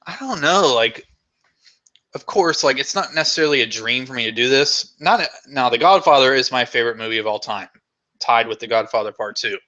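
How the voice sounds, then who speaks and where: Bright-voiced man rambling through a Q&A. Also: mid-range voice, lively intonation, fairly quick, highs cut off. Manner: rambling and enthusiastic, many fillers. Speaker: vlogger hosting a Q&A. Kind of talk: casual live Q&A chat.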